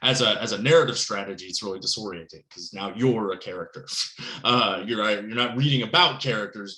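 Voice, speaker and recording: Man, writing teacher, casual rambling lecture, animated, lowish bright voice. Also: brisk, echoey room, low-quality recording. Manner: conversational, rambling with frequent "right?" and "um"; animated, pitch jumps up on emphasis. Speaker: writing instructor. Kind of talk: recorded lecture.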